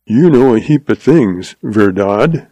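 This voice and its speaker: A man's voice: fairly low pitch, measured pace, warm tone, dry recording. A man voicing a cool, tart young cowboy investigator with a dry, terse drawl.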